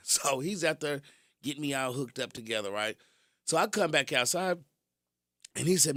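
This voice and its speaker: A man hosting a radio show, telling stories in an animated way and chuckling as he talks. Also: a little high, moderate pace, pauses often, dry recording, studio quality. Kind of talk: casual radio storytelling.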